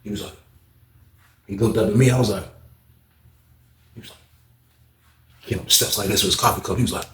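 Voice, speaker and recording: Animated man telling a story, echoey room. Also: fairly quick, pauses often. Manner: animated, acts out other people's lines with raised pitch, heavy profanity. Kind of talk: casual storytelling.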